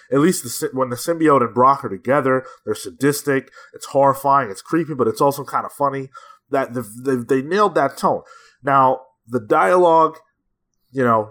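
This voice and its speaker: A man's voice: medium pitch, a bit bright. Opinionated male podcast co-host. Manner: opinionated, measured, with frequent fillers. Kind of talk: casual chat.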